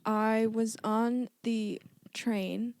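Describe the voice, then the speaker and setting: A woman's voice: on the high side, steady tone, very slow, darkish tone. A woman co-hosting a podcast, telling a rambling story with frequent giggles and fillers. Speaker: podcast co-host. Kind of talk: casual chat.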